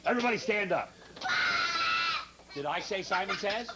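Heard first through the hiss of an old, noisy broadcast recording, a man with a high voice hosts a children's TV show. He leads a studio full of kids through games and keeps up a stream of teasing jokes and quick asides. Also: lively intonation. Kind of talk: playful banter leading kids in games.

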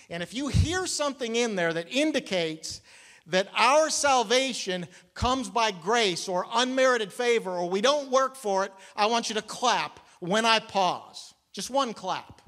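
A man's voice: high-pitched, a bit bright. A middle-aged man preaching a sermon in a church, folksy and interactive with the congregation. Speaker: pastor. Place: church sanctuary. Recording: long hall reverb.

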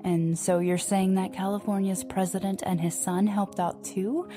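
A woman's voice: mid-range voice, little pitch movement, moderate pace, music in the background, close to an everyday voice. A woman reading the part of a worried middle-aged mother with a questioning manner. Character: anxious middle-aged mother, long asleep.

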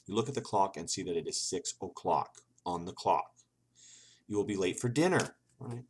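This gaming video host has a low-pitched voice, a little mellow with a breathy edge, and speaks at a moderate pace. He reads an old computer game's text out loud, laughing at it and reacting with sarcastic swearing.

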